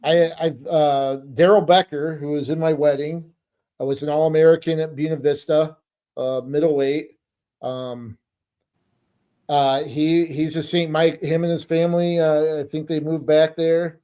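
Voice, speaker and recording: A man's voice: a little high, fairly even intonation, unhurried, mellow, smooth. A middle-aged man co-hosting a podcast, telling stories in a rambling, hesitant casual chat. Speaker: podcast co-host.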